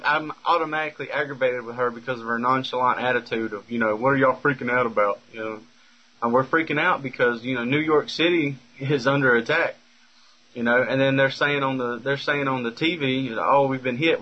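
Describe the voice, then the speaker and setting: A man's voice: medium pitch, fairly quick, dull audio. A man speaking in an unscripted monologue, rambling with lots of fillers and restarts. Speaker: speaker recounting a personal story.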